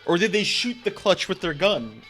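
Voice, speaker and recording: Laughing, swearing male streamer, bright voice. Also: high-pitched, very animated, normal speed, faint music behind. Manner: laughing, swearing, thinking aloud. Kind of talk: casual let's-play commentary.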